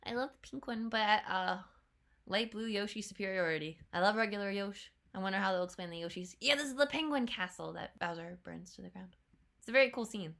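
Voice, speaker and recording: A young woman chatting casually as she reacts to a trailer, laughing often and slipping into quick playful voices. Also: medium pitch, animated, gravelly, a bit bright.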